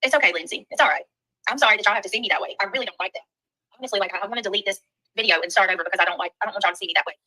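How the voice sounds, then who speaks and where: A woman's voice: mid-range voice, rapid-fire, bright, forceful tone, rough recording. A woman with a Southern US accent hosting a livestream, chatting casually and greeting viewers by name as she reads their comments. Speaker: livestream host.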